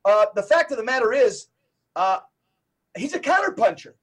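A very animated middle-aged man with a very high, slightly rough voice speaks as a podcast guest. As a Catholic evangelist, he drives his message home like a preacher, using rapid lists and repetitions.

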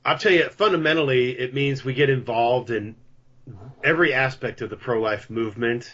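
A chatty man talks easily as a podcast guest, mid-pitched and casual, with a pitchman's bounce. His voice comes through a dull, slightly lo-fi recording. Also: moderate pace, a bit bright. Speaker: podcast guest, coffee company founder. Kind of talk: casual interview talk. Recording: dull lo-fi sound.

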